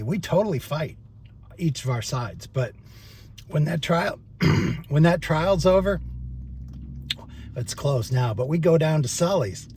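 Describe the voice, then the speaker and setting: A man's voice: mid-range voice, a little mellow, a little hiss or hum. An older man, a former trial attorney, talking casually to camera in a rambling, profane, chuckling way. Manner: rambling, chatty and profane, with frequent fillers and chuckles.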